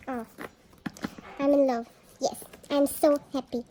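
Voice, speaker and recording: A woman unboxing albums on a casual vlog, gushing excitedly and gasping at each card she pulls. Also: high-pitched, slow pace, slight background noise.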